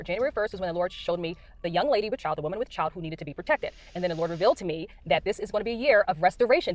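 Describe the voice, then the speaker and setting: A middle-aged American woman talks quickly and earnestly from inside her car, drifting and looping back with plenty of fillers. Her voice sits close and dry, with no room around it. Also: medium pitch, no room sound. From United States. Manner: earnest, rambling, many fillers. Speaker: Christian speaker sharing dreams. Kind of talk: casual testimony.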